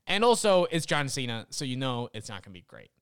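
A man's voice: mid-range voice, big pitch swings, a little fast, clear, resonant tone, no echo, clean studio sound. A young man ranting casually and sarcastically as a podcast host, rambling and swearing. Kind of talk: casual rant.

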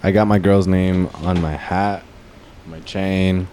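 Deep, mellow young man joking crudely. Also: fairly even intonation, slow pace, slight background noise. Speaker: podcast co-host. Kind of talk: casual podcast chat.

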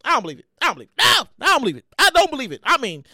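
Woman, around forty, podcast host, excitable, swearing, bright voice, dry close sound. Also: high voice, very fast, no echo. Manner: loud, excitable, yells and swears often. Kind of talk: animated solo commentary.

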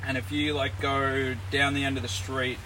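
A man's voice: medium pitch, level tone, normal speed. A young Australian man telling a story in casual chat, laid-back and sweary, full of "like". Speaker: podcast co-host. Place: inside a tent. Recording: noticeable background noise.

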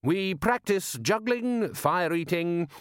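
A man's voice: high voice, lively intonation, slow pace, clear, resonant tone, no room sound, studio quality, pitched above the performer's own voice. A man voicing a cool, composed male city ruler with a commanding manner.

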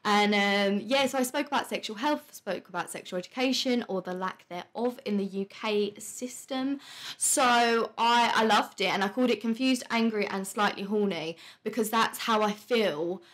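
A woman's voice: mid-range voice, normal speed, fairly bright tone. A woman in her twenties hosting a podcast, chatting casually in a candid, sweary way and laughing often. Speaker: podcast host. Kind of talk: casual chat.

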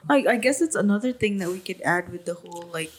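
A woman's voice: mid-range voice, expressive, fast, slightly rough. A woman joining her husband's podcast as a guest, talking casually with brief replies and agreeing murmurs. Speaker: podcast guest, host's wife.

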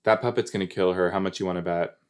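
A man speaks fast in a low, clean-toned voice with fairly even intonation while hosting a watch-along podcast. He's giggly and playful throughout, talking straight to "you guys," his listeners.

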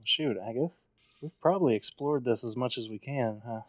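A man's voice: mid-range voice, normal speed, dry recording. A man co-hosting a casual podcast chat, jokey and acting out little scenes. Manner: jokey, acts out little bits and voices. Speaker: podcast co-host.

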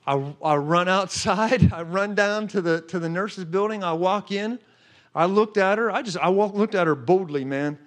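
Excitable, high-voiced man telling a testimony. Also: moderate pace. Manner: excitable, emphatic, acts out quotes with gasps and laughs. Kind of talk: animated storytelling testimony.

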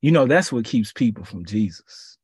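Husky man preaching in casual slang. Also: lowish voice, sing-song, normal speed, darkish tone, dry recording, clean studio sound. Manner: conversational, slangy, repeats phrases. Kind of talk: casual sermon.

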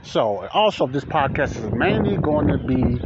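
A man's voice: mid-range voice, big pitch swings, normal speed. Chicago man podcasting outdoors on a phone. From Chicago, USA. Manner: rambling, repetitive, informal. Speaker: podcast host. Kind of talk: casual Christian talk podcast. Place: outdoors in the wind. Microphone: smartphone held close. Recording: dull lo-fi phone audio with loud wind.

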